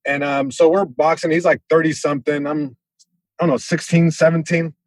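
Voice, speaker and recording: A man from Southern California, a comedian guest telling a story on a podcast, animated, with many restarts. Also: on the high side, fairly quick, dry recording, low-quality recording.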